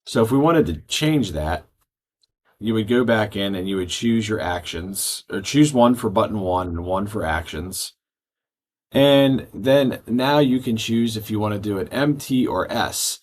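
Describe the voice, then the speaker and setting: A man giving a step-by-step software tutorial, explaining settings plainly with frequent ums. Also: fairly low pitch, lively intonation, a little slow. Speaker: product trainer. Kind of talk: screen-recorded software tutorial.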